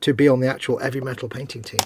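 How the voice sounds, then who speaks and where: Casting: male stream co-host, jokey, medium pitch, faint hiss behind. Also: fairly even intonation, racing, darkish tone. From United Kingdom. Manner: jokey, reads out chat messages. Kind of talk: casual live stream chat.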